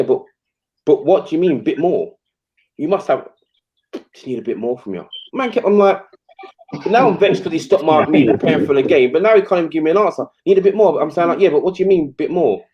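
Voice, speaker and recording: A man tells stories from his playing days in a loose, animated way. He acts out other people's lines and piles on fillers. The sound is dull and a little lo-fi. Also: medium pitch. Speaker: former footballer guest. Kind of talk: casual storytelling chat.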